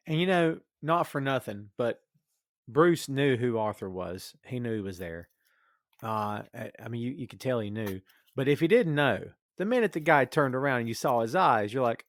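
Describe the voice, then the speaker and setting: Animated man riffing on a movie. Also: medium pitch, moderate pace, dry recording, studio quality. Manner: animated, acts out reactions in quoted asides. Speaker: podcast co-host. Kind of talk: casual movie review chat.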